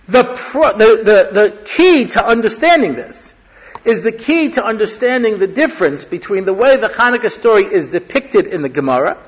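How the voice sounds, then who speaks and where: A man's voice: extremely high pitch, a bit bright, poor audio. A man, a rabbi, giving a conversational Torah class, mixing Hebrew phrases into his teaching. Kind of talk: lecture-style Torah class.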